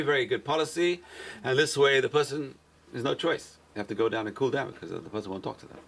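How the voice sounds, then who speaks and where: Brisk, repetitive rabbi teaching a class. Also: male voice, mid-range voice, creaky, slight background noise. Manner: repeats key phrases for emphasis, animated. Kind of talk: lecture-style Torah class.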